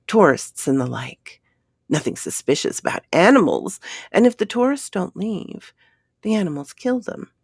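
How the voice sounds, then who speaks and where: A woman's voice: fairly low pitch, big pitch swings, gravelly, slightly rough, no echo, clean studio sound, heavily acted. A woman voicing an anxious, earnest male photographer on a space mission, in a storybook reading. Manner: anxious, earnest, quick to argue. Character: nervous smaller male photographer, grown man.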